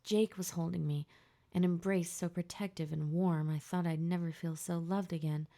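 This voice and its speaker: A woman narrating a first-person audiobook in a hushed, tense, emotional way. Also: fairly low pitch, steady tone, normal speed.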